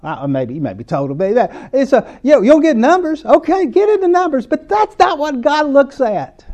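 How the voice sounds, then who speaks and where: A man's voice: very high voice, sing-song, moderate pace, darkish tone. A man with a Southern US accent preaching a sermon in an earnest, conversational way, building to emphatic points.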